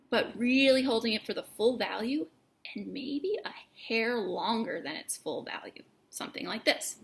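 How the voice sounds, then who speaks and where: A woman teaching a music lesson, explaining note markings in a clear, encouraging way with emphasis on key words. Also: a little high. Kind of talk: instructional lesson.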